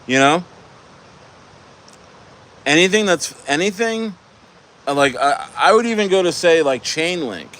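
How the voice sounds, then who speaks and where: A man's voice: on the high side, expressive, measured pace, pauses often, fairly bright tone, slight background noise. Rambling man from New Jersey. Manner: rambling, many restarts. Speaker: livestream host. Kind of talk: casual chat.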